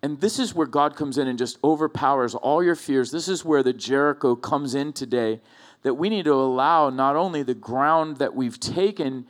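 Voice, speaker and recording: A man's voice: mid-range voice, normal speed. Conversational male pastor preaching. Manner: conversational, with rhetorical questions to the room. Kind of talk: sermon. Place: church hall.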